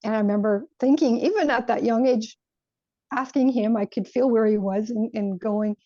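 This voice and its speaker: Woman telling her spiritual story, earnest and thoughtful, warm mellow voice, kinda dull lo-fi sound. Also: fairly high pitch, normal speed, no echo. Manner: earnest, reflective, searching for words. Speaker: guest sharing a spiritual experience. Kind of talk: personal storytelling.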